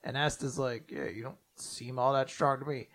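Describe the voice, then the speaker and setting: A man co-hosting a casual manga discussion, retelling chapters loosely with profanity and quick character voices. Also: medium pitch, steady tone, a bit bright. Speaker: podcast co-host. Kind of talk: casual manga recap chat.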